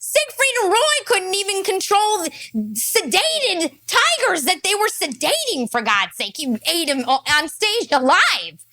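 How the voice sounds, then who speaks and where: A woman's voice: very high-pitched, sing-song, unhurried, sharp tone, dry recording, clean studio sound. A woman giving mocking, exasperated reaction commentary.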